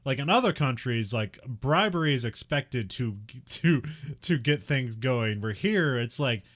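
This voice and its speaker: A man co-hosting a casual podcast, recapping a film plot in loose, filler-heavy talk. He laughs often between phrases. His voice sits at a middle pitch. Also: lively intonation, unhurried, fairly bright tone. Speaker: podcast co-host.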